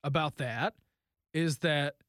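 A man co-hosting a podcast spins a loose, rambling story in casual chat. His voice sits a bit high, with a dry, close sound. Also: takes it slowly, a bit bright, no room sound. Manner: rambling storyteller, lots of "like" and "you know". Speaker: podcast co-host.

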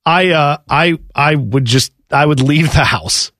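A man co-hosting a radio talk show, joking and bantering, who jumps into squealing high voices for his bits. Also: a little slow, pushed and bright, dry recording, clean studio sound. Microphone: studio microphone.

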